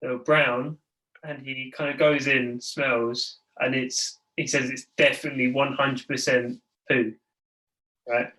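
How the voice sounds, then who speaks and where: A man's voice: medium pitch, flat delivery, unhurried, pushed and bright, low-quality recording. A young man with a London accent, a podcast co-host telling a story in casual chat, full of fillers.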